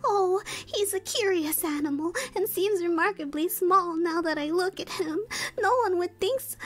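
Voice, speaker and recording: A woman's voice: extremely high pitch, normal speed. A woman voicing a timid, tearful male cowardly lion in a whispered role-play reading, sad and self-pitying. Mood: sad, fearful.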